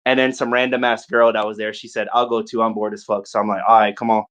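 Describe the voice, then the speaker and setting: A young man whose voice sits on the low side narrates a long party story during relaxed podcast chat, animated and profane, jumping into quick bursts of his friends' dialogue.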